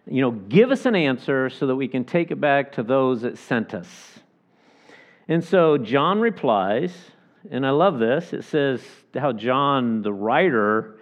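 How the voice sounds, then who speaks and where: A man preaching a sermon as pastor, acting out the people he quotes in lively asides. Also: mid-range voice, measured pace, lo-fi sound. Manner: animated, acts out the people he quotes.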